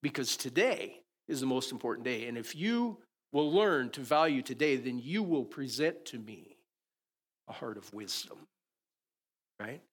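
A man preaching a conversational sermon, often asking "right?" and moving between loud and quiet. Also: mid-range voice, expressive, a little slow. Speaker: pastor.

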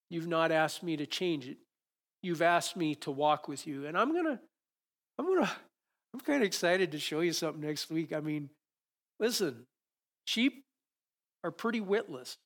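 Man preaching with hushed, fervent prayer. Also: high-pitched. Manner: shifts between hushed prayerful lines and animated acted-out exclamations. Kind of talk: sermon with closing prayer.

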